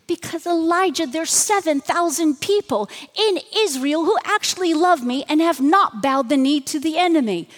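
A woman pastor giving a dramatic sermon, dropping to hushed tones and rising to emphatic bursts. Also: very high voice, animated, normal speed, hardly any pauses, in a large hall.

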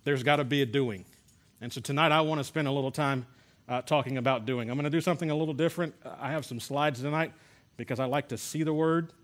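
A man's voice: mid-range voice, fast talker. A man preaching to a class, telling personal stories and asking rhetorical questions in a conversational way. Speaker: pastor teaching a healing class. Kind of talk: sermon.

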